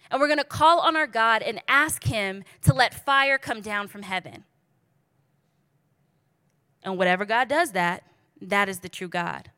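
A woman's voice: fairly high pitch, bright, forceful tone, dry recording. A woman voicing a bold, confident male prophet who talks brashly and teases. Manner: brash, casual, teasing.

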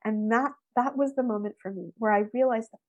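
A middle-aged woman, a guest in an interview, telling a personal story with lively expression. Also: fairly high pitch, fairly quick, highs cut off. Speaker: interview guest, workshop speaker.

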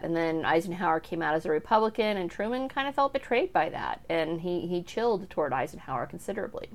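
A woman's voice: on the low side, moderate pace. A young woman casually talking through a book she has read, chatty and full of asides. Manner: chatty, with frequent fillers and asides. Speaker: book reviewer. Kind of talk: casual book review talk.

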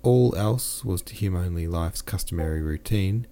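Deep, mellow male audiobook reader. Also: normal speed, creaky, a little hiss or hum. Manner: plain reading with casual self-corrections and asides. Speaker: podcast host and audiobook reader. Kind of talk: reading a classic novel aloud.

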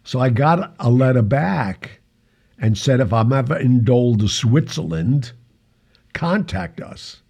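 Older guy on a podcast spinning a yarn, gravelly and a bit husky, does all the voices in his story. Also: medium pitch, unhurried. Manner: lively storyteller who acts out the quoted dialogue and chuckles often. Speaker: podcast guest. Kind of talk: anecdotal storytelling.

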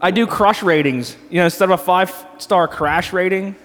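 A fairly high-voiced man in his thirties, chatting loosely and crudely as he reviews a beer. His voice carries a long reverb tail, and he jokes and swears as he wanders off topic. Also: normal speed, fairly bright tone. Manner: crude, rambling, joking. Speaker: podcast co-host. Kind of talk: casual beer review chat.

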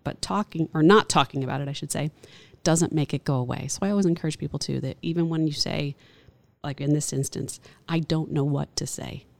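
A woman hospital chaplain speaking as an interview guest, gentle and earnest, often restarting phrases. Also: low-pitched, a little fast, vocal fry. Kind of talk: reflective interview talk.

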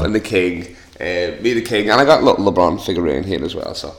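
Young Scouse male host, deep voice, rambling jokey swearing rant, echoey home room. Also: lively intonation, a little fast. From Liverpool, England. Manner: rambling, joking, swears a lot. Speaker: podcast host. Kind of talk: casual solo podcast rant. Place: living room.

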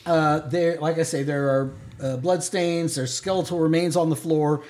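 A man narrating as game master of a tabletop game, describing rooms in a halting way with fillers. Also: a little high, steady tone, darkish tone.

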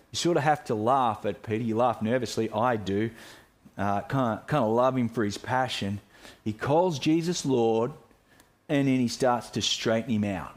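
A man's voice: mid-range voice, normal speed. A man preaching a sermon as pastor, earnest and reflective, often restarting his phrases.

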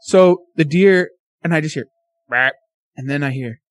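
A man's voice: fairly high pitch, normal speed. Amped-up man telling a hunting story. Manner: animated storyteller, quoting himself and his friend. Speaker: podcast guest.

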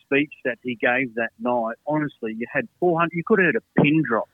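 A man's voice: medium pitch, fairly quick, no echo, phone-quality sound. A man talking as a guest in a casual chat, enthusiastic and swearing casually.

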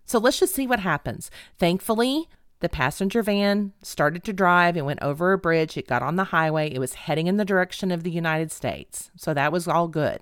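Woman, middle-aged, comic storytelling, animated, dramatic, lowish voice, dry close sound. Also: moderate pace, clean tone, dry recording. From Texas. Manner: animated, dramatic, self-mocking.

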